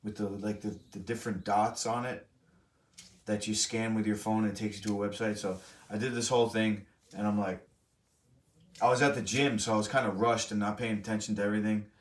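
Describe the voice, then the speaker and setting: A man's voice: lowish voice, steady tone, fairly quick. A young man hosting a live stream, telling a story to his chat in a rambling, profane, self-correcting way. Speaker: streamer host. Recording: roomy, from a distant mic.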